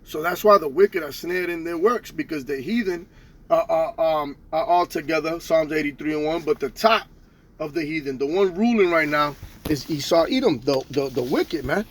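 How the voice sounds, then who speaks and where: A man's voice: a little high, normal speed, a little hiss or hum. A man teaching from the Bible in a casual street style, tagging nearly every line with "okay?" and "all right?", slangy and profane.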